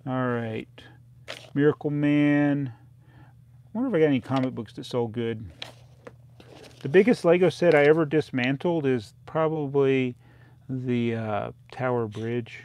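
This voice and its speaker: A man's voice: mid-range voice, unhurried, long pauses, a little mellow. A man hosting a casual live stream, rambling through his old sales, reading out prices, often laughing at himself. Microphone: close desk microphone.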